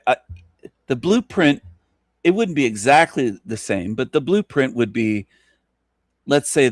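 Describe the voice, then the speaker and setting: A man of mid-range pitch delivers a rambling, emphatic radio monologue, circling back to repeat the same words for weight. The sound is close and dry with no room around it. He often chuckles mockingly between his points. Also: dry recording. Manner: rambling, repetitive, emphatic rant with sudden pitch jumps. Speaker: radio show host.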